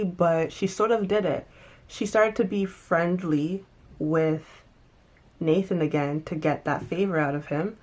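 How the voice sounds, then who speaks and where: A woman casually recapping and reviewing a TV episode, animated and emphatic, often restarting sentences. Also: medium pitch.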